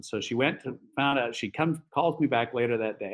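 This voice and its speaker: A male orthopedic surgeon telling patient stories on a podcast, of ordinary pitch. He rambles with fillers and restarts, and acts out both sides of conversations. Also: normal speed, hardly any pauses, a bit bright, low-quality recording. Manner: acts out quoted dialogue. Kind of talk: casual podcast storytelling.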